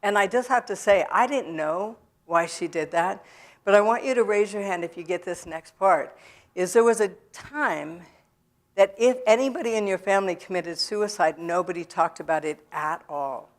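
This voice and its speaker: A woman speaking in a church, telling her own story to the audience in a halting way, with many pauses and fillers. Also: mid-range voice. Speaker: guest speaker at a recovery event. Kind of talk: personal testimony to a church audience. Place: church sanctuary.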